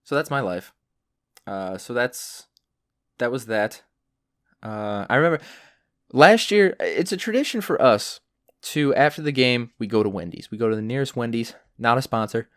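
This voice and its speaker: A young man hosting a podcast and telling stories in a rambling, sarcastic way, with lots of fillers, and his pitch jumps when he gets worked up. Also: lively intonation, normal speed, fairly bright tone, clean tone, dry recording, clean studio sound. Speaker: podcast host. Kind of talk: casual solo storytelling.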